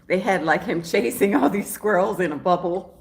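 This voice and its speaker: A woman's voice: lowish voice, moderate pace. A woman vlogger chatting casually to camera at home in the morning, rambling and often laughing. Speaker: travel vlogger.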